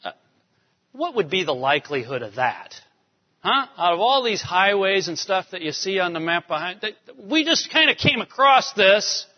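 A man's voice: sits high, big pitch swings, moderate pace. A man teaching a Bible lecture in a conversational way, checking in with rhetorical questions. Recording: dull recording with long hall reverb.

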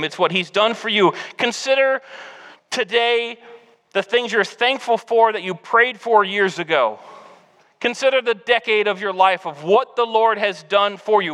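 Male pastor, high bright voice, earnest sermon delivery, hall reverb. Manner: earnest, exhortative preaching.

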